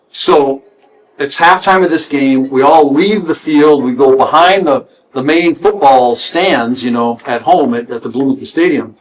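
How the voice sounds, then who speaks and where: Middle-aged man spinning an animated anecdote, voice on the high side. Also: a little hiss or hum, rough recording. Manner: lively, animated storyteller. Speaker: former player telling a story. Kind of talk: casual storytelling.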